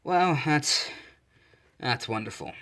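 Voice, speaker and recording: A man's voice: a little high, expressive, slow pace, sharp tone, full character voice. A hurt young hero jokes his way through the pain, read by a man. His talk stays wry and light, close to a plain voice. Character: young male hero, injured, wry and joking.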